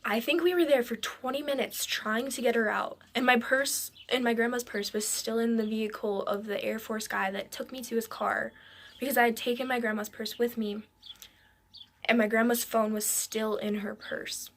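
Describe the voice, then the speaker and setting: A woman's voice: on the high side, fairly even intonation, moderate pace, fairly bright tone. A woman narrating a dramatic personal story for a storytime vlog, rambling and breathless with many "I'm like" asides. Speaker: vlogger.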